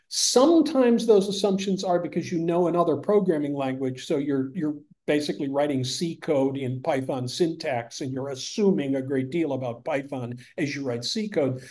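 Older male guest, Northeastern US accent, rambling anecdotal talker, slightly high voice. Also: darkish tone. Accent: American Northeast. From upstate New York. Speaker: podcast guest. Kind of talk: casual conversation.

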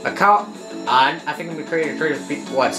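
A woman with a notably low voice chats casually as she plays through a video game. She stumbles and restarts her words often, and game music runs underneath. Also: normal speed, roomy sound. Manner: chatty, stumbling over her words, reading game lines aloud. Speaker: gameplay commentator. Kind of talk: casual let's-play commentary.

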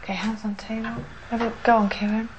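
A woman hosting a live ghost hunt, leading a séance in an excitable manner that often drops to a whisper. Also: fairly high pitch, fast, lo-fi sound, background noise. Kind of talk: live paranormal investigation.

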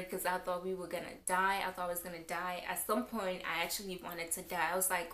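A woman's voice: fairly low pitch, flat delivery, brisk, hardly any pauses, fairly bright tone, slight background noise. A young woman vlogger telling a personal story in a rambling way, with lots of fillers. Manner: rambling, filler-heavy retelling. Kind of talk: casual storytime. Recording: roomy echo.

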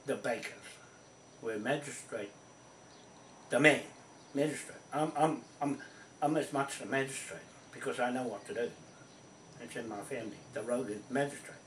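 A man's voice: mid-range voice, moderate pace, pauses often, slight background noise. Emphatic New man, distant and roomy. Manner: emphatic, accusing, repeats himself. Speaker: land claimant addressing viewers. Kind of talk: rambling accusatory monologue to camera. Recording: roomy echo from a distant mic.

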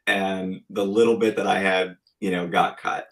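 Podcast guest, man in his forties, low gravelly voice, earnest and reflective. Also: level tone, moderate pace, fairly bright tone, rough recording. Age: 40s. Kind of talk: casual podcast chat.

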